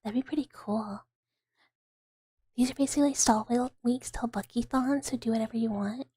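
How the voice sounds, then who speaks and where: A woman from the American South, chatting in a whispered ASMR live stream. She whispers softly and rambles, with many fillers. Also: fairly high pitch, normal speed, husky, dry recording. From Southern United States.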